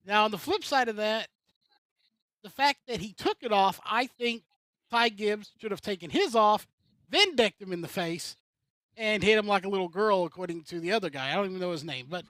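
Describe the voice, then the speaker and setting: A man's voice: high voice, lively intonation, normal speed, fairly bright tone, dry recording. A man giving opinionated racing commentary on a casual talk show, rambling through his points. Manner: rambling and opinionated, with filler-heavy restarts. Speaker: co-host commentator.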